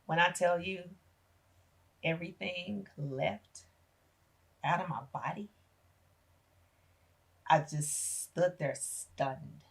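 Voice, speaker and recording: Low husky woman telling her story. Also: slow pace, pauses often. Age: middle-aged. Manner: animated retelling, acting out family members' voices. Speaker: podcast guest. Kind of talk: emotional personal storytelling.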